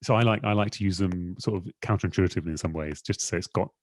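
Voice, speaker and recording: A man's voice: sits low, racing, no echo. A man, a guest editor in an interview, talking in a rambling, self-deprecating way with many fillers. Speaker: magazine editor, podcast guest. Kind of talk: casual conversational interview.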